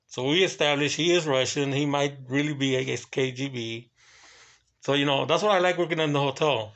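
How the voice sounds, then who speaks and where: A man who works hotel security, telling a casual story in loose, halting runs and bursting into profane exclamations. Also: mid-range voice, gravelly. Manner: excitable and profane, breaks into quoted exclamations; talks in loose, halting runs with many fillers.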